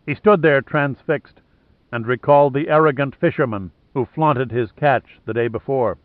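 A man narrating a novel in a measured, even reading. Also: medium pitch, no room sound. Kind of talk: scripted audiobook narration. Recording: narrow phone-like sound.

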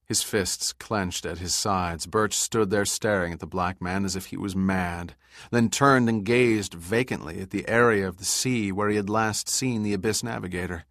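An American man narrating an audiobook thriller in a measured, even reading. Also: sits low, dry recording, studio quality.

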